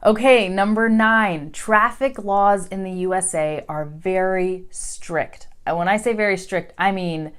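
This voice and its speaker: An American woman in her thirties, an English teacher giving a casual video lesson to learners, chatty and animated, acting out quoted voices. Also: mid-range voice, unhurried, few pauses, clear, resonant tone. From United States.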